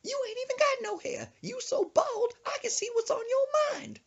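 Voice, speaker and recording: A woman's voice: moderate pace, gravelly, muffled recording. A man voicing a hot-tempered old grandmother who screeches at her grandson. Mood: shrieking. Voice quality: shrill, shrieking.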